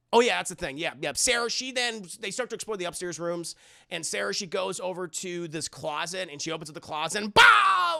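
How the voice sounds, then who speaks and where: A man recapping a movie to his chat in a rambling, crude, animated way. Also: high-pitched, creaky, no echo, clean studio sound. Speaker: streamer.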